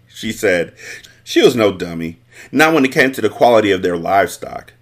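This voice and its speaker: A man hosting a book podcast, reading a novel aloud with expressive, animated storytelling. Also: lowish voice, moderate pace.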